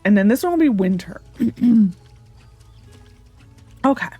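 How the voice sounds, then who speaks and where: A woman's voice: mid-range voice, animated, slow, warm tone, slightly rough, dry recording, soft background music. A woman hosting a gaming channel, chatting casually and thinking aloud as she plays. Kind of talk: casual let's-play commentary.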